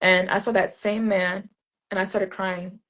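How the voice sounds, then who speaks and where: A woman's voice: mid-range voice, level tone, unhurried, fairly bright tone. A woman poet being interviewed, telling a personal story in a casual, earnest way, with many "like"s and restarts. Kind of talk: reflective conversational storytelling.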